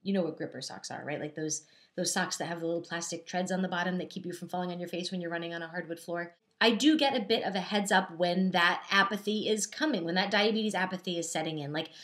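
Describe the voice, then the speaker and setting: A young woman who is a diabetes advocate, talking candidly and casually to camera, with animated asides where she quotes herself. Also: on the low side, fast talker.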